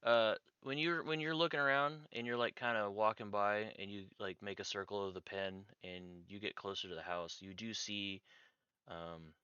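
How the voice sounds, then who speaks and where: Male game master, bright crisp voice, dull dry lo-fi mic. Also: fairly low pitch, fairly even intonation, normal speed, no echo. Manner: loose, rambling description. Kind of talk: narrating a tabletop game.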